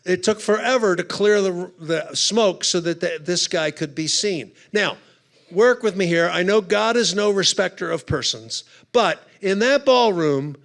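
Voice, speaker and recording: Animated man telling a funny story. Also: high voice, unhurried. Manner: humorous, animated storyteller acting out voices. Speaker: conference speaker. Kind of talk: storytelling talk to a men's conference.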